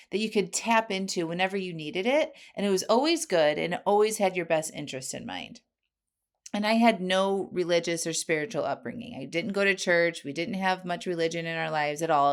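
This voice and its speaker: A podcast host in her forties tells a personal story, earnest and animated, often turning aside to address the listener. Her voice sits fairly low.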